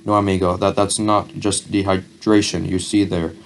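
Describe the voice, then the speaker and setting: A man voicing a blunt, weary male smuggler guide with a flat, matter-of-fact delivery. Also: low-pitched, moderate pace, slight background noise.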